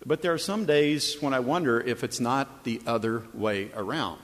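A male pastor delivers a sermon in a chapel, his voice carrying with a long reverberant tail. He moves between relaxed storytelling and emphatic, repeated phrases. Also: mid-range voice, moderate pace.

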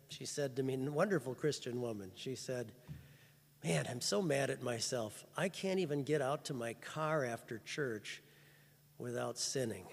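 A man preaching a sermon as pastor, telling stories earnestly and rising to fervent emphasis. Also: mid-range voice. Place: church chapel. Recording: reverberant hall.

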